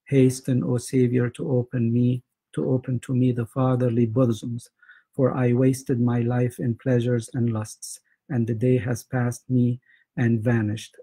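A man reads church prayers aloud in a steady, unhurried recitation. His voice is very dark and husky, held in a flat, narrow pitch with little rise or fall. He moves evenly through the scripture and the repeated chanted responses. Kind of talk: liturgical prayer reading.

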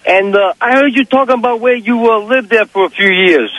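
A man's voice: sits high, brisk, fairly bright tone, rough recording. An older man from the Bronx calling a radio show, talking in a chummy, insistent way over the phone. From the Bronx, New York. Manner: chummy, insistent, repeats the host's name. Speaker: caller.

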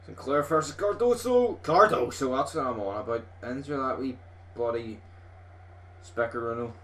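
A man's voice: mid-range voice, moderate pace. Sweary Scottish man commentating gameplay. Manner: sweary, rowdy, excitable fan. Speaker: gaming video host.

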